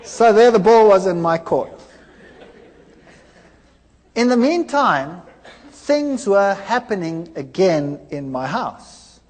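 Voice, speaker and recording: Middle-aged guy preaching his own story, high lively voice, big hall echo. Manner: animated storytelling, acting out quoted dialogue. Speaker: speaker telling his conversion story. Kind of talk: preached personal testimony.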